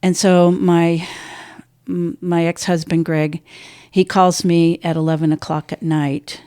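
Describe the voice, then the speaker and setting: An older woman, a podcast guest, telling a painful personal story, halting and restarting, her voice dropping low and soft at hard moments. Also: level tone, clean tone, no echo, studio quality.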